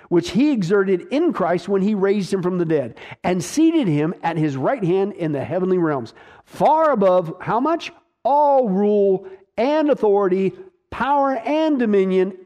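High-voiced emphatic male preacher. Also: mellow. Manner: emphatic, asks the listeners rhetorical questions and answers them; repetitive, punchy short phrases. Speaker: pastor. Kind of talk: sermon.

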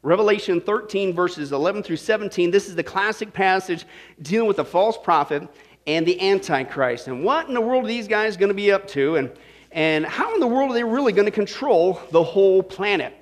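A male pastor preaching a sermon, telling a joke and then driving into scripture with lively energy. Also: sits high, brisk. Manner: energetic, joking storyteller preaching.

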